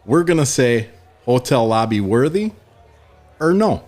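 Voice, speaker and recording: A man co-hosting a casual podcast chat who introduces a new segment and drops quick, easygoing remarks. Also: mid-range voice, very animated, a little mellow. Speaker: podcast co-host.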